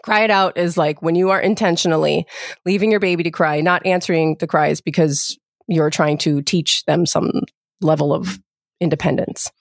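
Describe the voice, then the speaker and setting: A woman in her thirties co-hosting a casual chat about parenting, explaining with quick asides and many fillers. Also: lowish voice, steady tone, gravelly, dry recording, clean studio sound.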